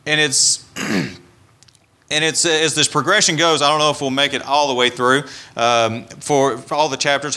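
A man's voice: medium pitch, bright, forceful tone. A man giving an informal Bible teaching, explaining and paraphrasing scripture in a conversational way.

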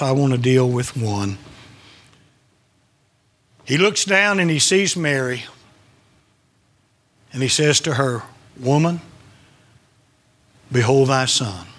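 A man's voice: medium pitch, takes it slowly, long pauses, fairly bright tone. A man preaching a sermon, emphatic and dramatic, sometimes dropping his voice to a whisper.

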